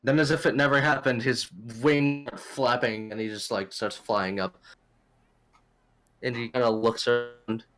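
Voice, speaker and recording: A man's voice: medium pitch, steady tone, a little slow, fairly bright tone. Casual man narrating as game master.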